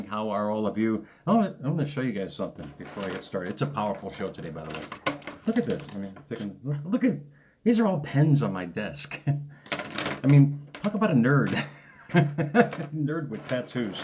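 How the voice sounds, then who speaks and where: Guy doing a motivational live stream at his desk, kinda low voice, chuckles a lot, muffled sound. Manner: rambling, upbeat, laughs often, repeats himself. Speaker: motivational coach. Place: home desk.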